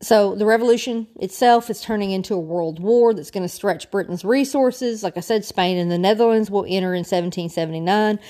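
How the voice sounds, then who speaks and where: A woman's voice: medium pitch, fairly quick, hardly any pauses, warm tone. A woman giving a casual, chatty history lecture with informal asides, sometimes spelling out names. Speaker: history teacher.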